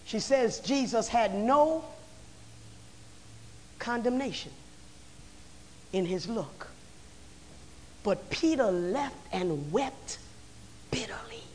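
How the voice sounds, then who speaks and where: A preacher delivering a sermon, swinging between shouted lines and hushed passages with rhythmic repeated phrases. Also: medium pitch, expressive, drawn-out words, long pauses, slight background noise. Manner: repetitive, rhythmic build-up of phrases. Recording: long hall reverb.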